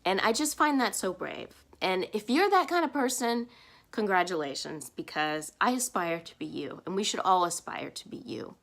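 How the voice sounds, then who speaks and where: A woman's voice: medium pitch, expressive, moderate pace, vocal fry, a bit bright. Earnest emotional woman vlogging. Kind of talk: personal reflective vlog.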